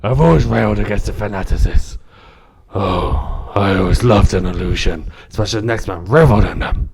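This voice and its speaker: Man doing a croaky, gravelly vigilante voice, brooding and intense, low-pitched. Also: a little fast, darkish tone.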